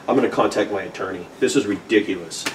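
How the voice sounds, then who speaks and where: A man's voice: fairly low pitch, fast, recorded from a distance, a little hiss or hum. A man hosting a guitar channel, complaining in a satirical mock-outraged rant to the camera. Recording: roomy sound from off-mic.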